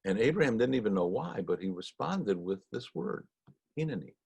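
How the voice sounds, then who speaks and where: A man leading a Torah study, telling stories in a folksy, conversational way with frequent pauses. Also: lowish voice, big pitch swings, vocal fry, darkish tone, breathy edge, dry recording. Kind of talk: storytelling talk.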